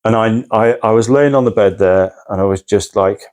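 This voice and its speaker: A man's voice: fairly low pitch, moderate pace, a little mellow. A man recounting a personal crisis as a podcast guest, intense and swearing often. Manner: intense, swears often, acts out his own past cries. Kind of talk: candid personal story.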